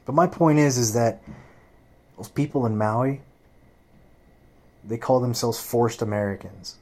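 A man's voice: mid-range voice, a little slow. A man telling a personal story in a casual, profane rant, acting out what people said. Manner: profane, animated, acts out quoted voices.

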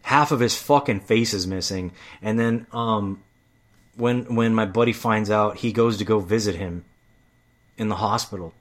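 A man's voice: fairly low pitch, moderate pace. A man telling stories in a casual, heated monologue, swearing often and getting worked up. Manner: profane, heated storytelling.

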